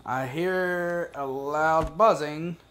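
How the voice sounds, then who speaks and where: A man's voice: fairly high pitch, very slow, a bit bright, slight background noise. A man giving casual, profane gameplay commentary as a gaming video creator, joking and talking to himself as he plays.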